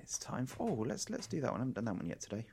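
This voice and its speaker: A man's voice: medium pitch, huge pitch swings, rapid-fire, gravelly, heavy background noise. Podcast guy, mid voice, rambles and swears a lot. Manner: rambling, swears freely, lots of fillers. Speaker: podcast co-host. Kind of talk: casual podcast chat.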